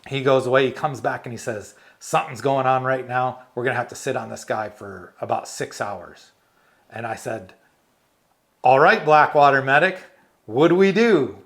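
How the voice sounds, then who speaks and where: Animated retired army medic telling war stories. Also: male voice, medium pitch, normal speed. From United States. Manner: animated storyteller, laughs often, acts out quotes. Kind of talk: storytelling interview.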